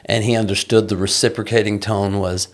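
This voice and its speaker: A man's voice: on the low side, little pitch movement, fairly quick. A middle-aged man, a guest songwriter, talking casually and animatedly in an interview, restarting sentences and swearing freely.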